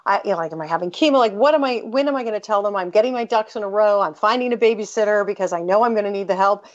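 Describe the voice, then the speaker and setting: A woman's voice: mid-range voice, racing. A middle-aged American woman telling a personal story in an interview, candid and emphatic, often breaking off and restarting her sentences. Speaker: author and guest. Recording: dull lo-fi audio.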